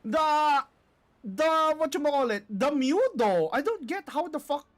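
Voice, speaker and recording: A streamer reacting loosely and excitably during a live card game stream, swearing freely. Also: high voice, measured pace. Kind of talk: casual live-stream commentary.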